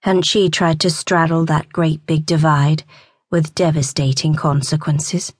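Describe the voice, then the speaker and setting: A woman narrating a romance audiobook in a measured storytelling manner. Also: low-pitched, steady tone, dry recording, clean studio sound.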